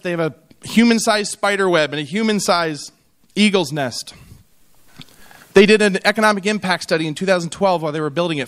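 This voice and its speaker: High-voiced man giving a funny summit speech. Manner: lively storytelling with comic asides and acted quotes. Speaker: keynote speaker on tourism. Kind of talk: humorous conference speech.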